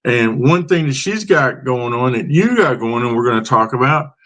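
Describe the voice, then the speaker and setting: A man's voice: mid-range voice, animated, normal speed, fairly bright tone. A man hosting a talk show, asking questions in a loose, easygoing way with "you know" fillers. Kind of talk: casual interview.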